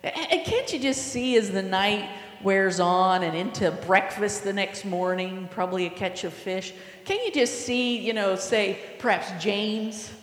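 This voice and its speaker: A woman's voice: medium pitch, a little slow, few pauses. A woman preaching a sermon, telling a story with imagination and asking her listeners questions. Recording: echoey hall with long reverb.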